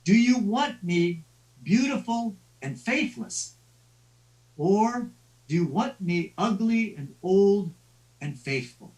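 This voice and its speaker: A man voicing an ugly little old woman who calmly offers a choice, in a story he tells. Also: high voice, slow, poor audio. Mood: offering.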